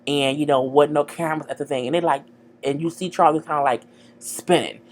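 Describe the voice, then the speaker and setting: A woman's voice: low-pitched, fairly even intonation, a little fast. A woman giving a chatty, frank recap of a TV episode, full of "girl" and "you know". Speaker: TV show recapper.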